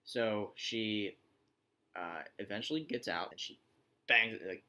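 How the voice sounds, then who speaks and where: A man's voice: on the low side, takes it slowly, bright, forceful tone. A man recapping a TV show in a casual, rambling way, with sarcastic asides. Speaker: TV show reviewer.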